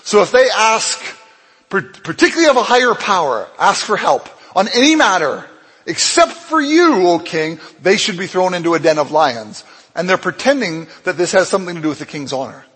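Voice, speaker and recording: A man preaching in a fairly high, husky voice, telling a Bible story and acting out its voices with big swings in pitch and loudness. His words ring out with a long reverb, as if he speaks in a church hall. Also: animated, brisk. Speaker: pastor. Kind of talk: sermon.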